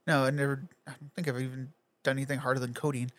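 A man's voice: medium pitch, little pitch movement, very fast, a bit bright, no room sound. A young man telling a laid-back story in casual chat, laughing and swearing freely.

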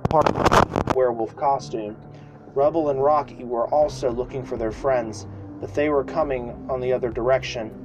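A man's voice: medium pitch, steady tone, normal speed, over music, poor audio. Man reading a kids' story. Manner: unpolished home reading with restarts and loud shouted cries for characters. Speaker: podcast storyteller. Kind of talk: reading a children's story aloud.

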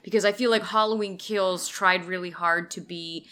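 A woman co-hosting a casual movie review podcast, chatty, quick to laugh and act out lines. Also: lowish voice, steady tone, fairly bright tone. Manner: chatty, laughs easily, acts out characters' lines. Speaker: podcast co-host.

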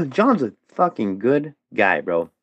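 Animated, profane man telling a story. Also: mid-range voice, slightly rough, dry recording, lo-fi sound. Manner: profane, animated, peppers speech with "dude" and "bro". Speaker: podcast guest. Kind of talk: casual storytelling.

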